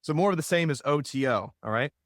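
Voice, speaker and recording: Guy teaching a funnel class, loud then quiet, joking around, slightly high voice. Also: quick pace, no echo, studio quality. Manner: energetic, joking, swings loud and soft. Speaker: marketing instructor. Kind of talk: live workshop teaching. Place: room with a live audience.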